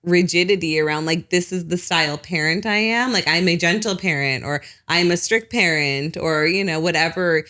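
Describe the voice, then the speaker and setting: A woman's voice: lowish voice, moderate pace, few pauses, fairly bright tone. A woman psychologist, a guest on a podcast, explaining at length in casual talk with lots of "like" and "you know.". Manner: acts out short parent quotes in other voices.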